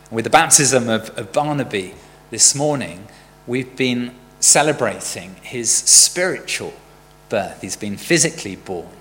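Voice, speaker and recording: Telling stories conversationally, a man delivers a sermon that includes a joke. He speaks at a measured pace in a medium-pitched, fairly bright voice with lively intonation. Church hall reverb and a faint hum color the audio.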